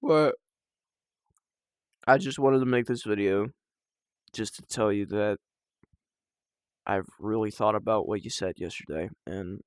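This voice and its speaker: A young man talking casually and personally to the camera at home, halting and emotional, with sighs and restarts. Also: fairly low pitch, no echo, clean studio sound. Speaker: vlogger.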